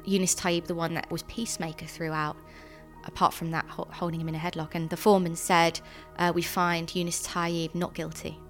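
Young adult woman, lower register, earnest and hesitant interviewee, soft music underneath. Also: little pitch movement. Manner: earnest, halting, with frequent ums and restarts. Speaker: interviewee, sister of a convicted man. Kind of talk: personal account in an interview.

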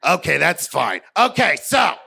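A woman's voice: low-pitched, very animated, unhurried, creaky, bright, forceful tone, husky, pitched above the performer's own voice, full character voice. A man voicing a pushy, fake-cheery female TV producer with a tight, strained throat voice. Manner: bossy and chirpy, barking directions.

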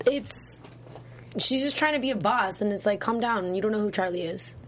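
A woman's voice: mid-range voice, normal speed, slight background noise. A young woman co-hosting a casual podcast, reacting and chatting back and forth. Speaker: podcast co-host. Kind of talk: casual chat.

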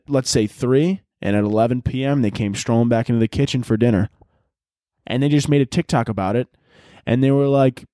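A man hosting his own podcast in a rambling, profane comedic monologue that breaks into loud yelled bits. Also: mid-range voice, no room sound, studio quality. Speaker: podcast host.

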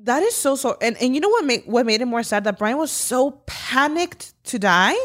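A woman's voice: high voice, animated, moderate pace, fairly bright tone. A young woman co-hosting a podcast, chatting casually. She tells her story with animation and swears freely. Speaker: podcast co-host. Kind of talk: casual chat.

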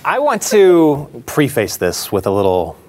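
Male co-host, panel chat, mid pitch, lively emphatic delivery. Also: a little slow, slight background noise. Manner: animated, emphatic, repeats key points. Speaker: podcast co-host.

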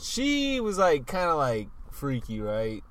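Man, podcast co-host, casual chat, lively up-and-down pitch, rambling. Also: slow. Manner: rambling, full of "like" and "you know", restarts.

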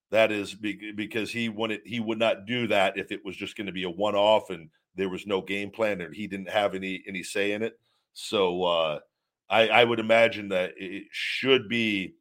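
Low-voiced man hosting a live chat. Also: a bit bright. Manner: rambling and candid, reads viewer questions aloud and answers off the cuff. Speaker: host of a live show answering viewer chat. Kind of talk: casual live-stream chat.

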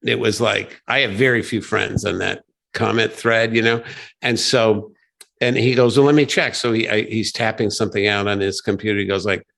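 A man's voice: lowish voice, fairly even intonation, normal speed, gravelly, fairly bright tone. An older man, a guest and former sketch writer, telling rambling anecdotes with restarts and chuckles in casual chat.

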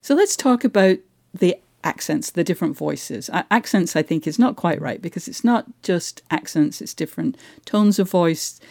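Mellow-voiced woman interviewer. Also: lowish voice, animated, normal speed, vocal fry, no room sound. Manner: curious, asks long winding questions. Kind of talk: interview conversation.

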